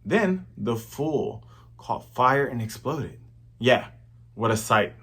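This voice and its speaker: A man's voice: mid-range voice, expressive, takes it slowly, a bit bright, slightly rough, full character voice. A man doing a rowdy cook drawling a tall tale. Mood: gossipy.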